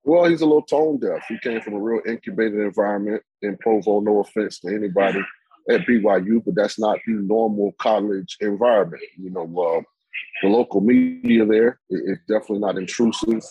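A man with a low, husky voice lays out his football takes in a loose, rambling way, full of "you know" and restarts. The sound is dry and close, with no room around it. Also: animated, fairly quick, dark tone, no echo, dull audio. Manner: rambling, opinionated, many fillers and restarts. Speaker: football analyst guest. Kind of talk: sports talk discussion.

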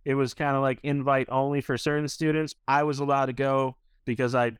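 A man's voice: medium pitch, flat delivery, fairly quick, smooth, no room sound. A man in his thirties from New Hampshire, a guest telling a story casually and peppering it with "like". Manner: rambling, filler-heavy with frequent "like". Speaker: restaurant owner guest.

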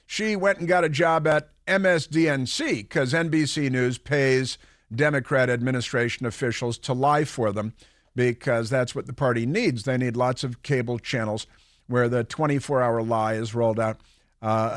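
A man's voice: medium pitch, steady tone, moderate pace, no room sound, studio quality. A man hosting a political talk radio show, rambling and sarcastic, with mocking asides.

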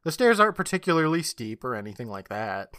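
A male podcast host recapping an episode with a lively, swooping voice that often breaks into laughter. The recording is dry and close, with no room sound. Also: mid-range voice, fast, no room sound. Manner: animated, laughing storyteller. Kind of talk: casual chat recapping an episode.

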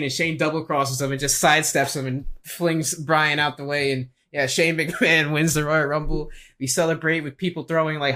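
Bright-voiced eager podcast guy. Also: fairly high pitch. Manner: eager, fast, jumps in with interruptions. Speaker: podcast co-host. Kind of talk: casual podcast chat.

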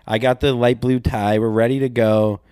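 A man's voice: mid-range voice, flat delivery, normal speed, warm tone, smooth, no echo, clean studio sound. A man co-hosting a podcast, telling crude, joking stories in casual chat. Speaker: podcast co-host.

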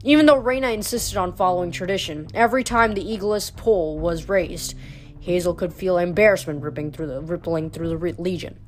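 A woman's voice: lowish voice, brisk, soft background music. Woman reading aloud, stumbling and restarting. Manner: unpolished reading with frequent slips and restarts. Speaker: audiobook reader.

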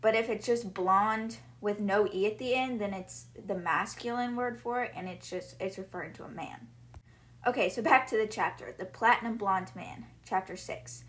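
A woman's voice: medium pitch, moderate pace. A young woman hosting a podcast, retelling book chapters in a chatty, casual way full of "like" fillers. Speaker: podcast host.

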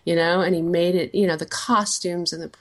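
Woman panelist, somewhat low voice, passionate and stumbling. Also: steady tone. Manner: emphatic, halting, full of fillers and restarts. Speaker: podcast panelist. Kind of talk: casual podcast chat about films.

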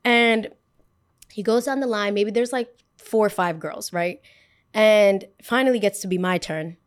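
A young woman in her twenties hosts her own podcast and tells a personal story. She keeps it casual and chatty, and she scatters "like" through nearly every sentence. Her voice sits at an ordinary middle pitch for a woman. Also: a little slow. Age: 20s. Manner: chatty, peppered with "like" fillers. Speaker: podcast host.

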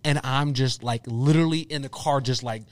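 Young man, podcast co-host, animated storyteller, repeats lines for emphasis, dry close sound. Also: mid-range voice, a little fast, no room sound. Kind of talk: casual chat.

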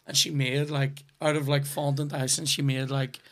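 A man's voice: mid-range voice, flat delivery, normal speed. A man in his thirties with a Northern Irish accent, hosting a podcast and telling long, rambling, sweary stories in casual chat. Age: 30s. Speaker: podcast host.

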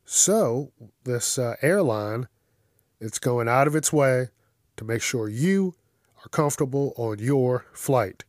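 A man's voice: mid-range voice, expressive, slow, a little mellow, no echo, studio quality. A man hosting a casual news commentary show, blunt and crude, swearing constantly and ranting in bursts.

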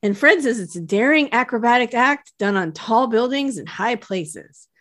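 A woman in casual podcast chat, retelling a cartoon plot with animated storytelling. She laughs easily, and her voice sits somewhat high. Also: normal speed. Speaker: podcast co-host.

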